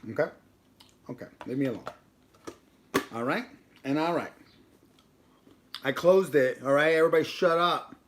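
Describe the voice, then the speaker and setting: A man's voice: a little high, moderate pace, pauses often, slight background noise. A man hosting a casual live stream, rambling and joking while he talks to his dog and to the chat. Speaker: livestream host.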